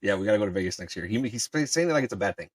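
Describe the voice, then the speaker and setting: A man's voice: on the low side, animated, rapid-fire, no echo. A man hosting a casual podcast, opening the show and ribbing his co-hosts with crude banter. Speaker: podcast host. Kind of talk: casual chat.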